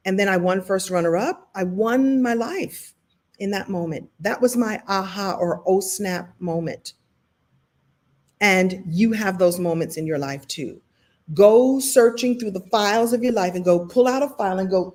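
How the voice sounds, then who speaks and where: A woman from Brooklyn hosts a motivational talk and tells a personal story. She speaks with animated, self-deprecating energy, often speeding up and slowing down. Her pitch sits in the middle range. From Brooklyn, New York. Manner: animated, self-deprecating, shifting pace and loudness.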